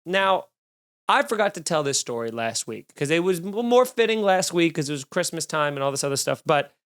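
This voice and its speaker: A man hosts his solo comedy podcast, telling a rambling story. His voice sits a little high for a man, and he swears freely and mocks himself as he goes. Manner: profane, animated, self-deprecating storytelling.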